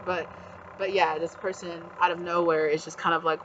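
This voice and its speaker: A man's voice: fairly high pitch, level tone, normal speed, fairly bright tone, slight background noise. A man giving a casual tarot reading, rambling with lots of fillers and acting out quotes. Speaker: tarot reader. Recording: slightly dull lo-fi audio, faint background ambience.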